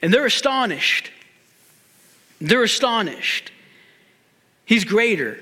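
A man's voice: extremely high pitch, sing-song, slow, pauses often, pushed and bright, big-room sound. A man preaching a sermon as pastor, emphatic and repeating phrases for stress.

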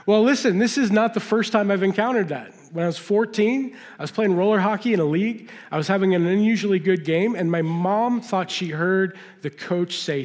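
A man's voice: high-pitched, fairly quick, hardly any pauses. A middle-aged man preaching a sermon, telling folksy personal stories and asking the audience questions. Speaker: pastor. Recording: long hall reverb.

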